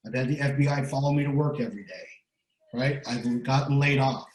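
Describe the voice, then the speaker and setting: A middle-aged man talks a little fast in a mid-range voice, captured in a low-quality recording with a roomy sound. He's a guest speaker and recovery coach being interviewed, giving motivation with force, repeating words and asking "right?" again and again.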